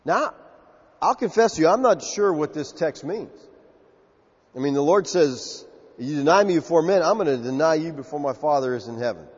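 A Southern man delivers an emphatic sermon, jumping into character for the quotes he tells. His voice sits high and breathy. The sound is a little muffled and carries a long hall echo. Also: expressive, moderate pace, a little mellow. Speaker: pastor.

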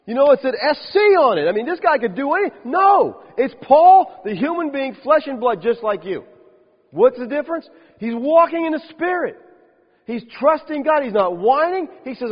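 A man preaching a sermon as a pastor, lively, with rhetorical questions and dry humorous asides. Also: extremely high pitch, normal speed. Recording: dull lo-fi sound with long reverb.

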